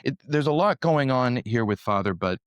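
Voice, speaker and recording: A young man co-hosts a conversational Bible study podcast, sounding earnest and thoughtful and laughing easily. His medium-pitched voice has lively intonation at a normal pace, with no room sound.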